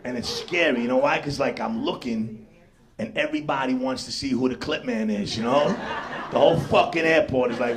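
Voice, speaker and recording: A man's voice: medium pitch, fast, a crowd in the background. Brash New York stand-up man. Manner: brash, profane, punchy delivery. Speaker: stand-up comedian. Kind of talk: stand-up comedy set. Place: comedy club stage, live audience.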